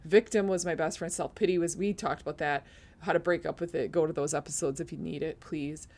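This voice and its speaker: A woman's voice: low voice, fairly even intonation, brisk, darkish tone. A woman hosting a podcast, earnestly sharing a faith testimony, teary-eyed and laughing at herself at times. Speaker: podcast host.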